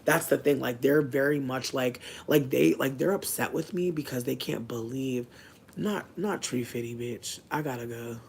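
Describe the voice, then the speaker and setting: A man's voice: mid-range voice, moderate pace, creaky, darkish tone, a little hiss or hum. A man talking candidly in a casual vlog monologue, frank and chatty, swearing often and filling his speech with "like". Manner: chatty, frank, swears a lot, many "like" fillers. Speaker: vlogger. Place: indoors at home.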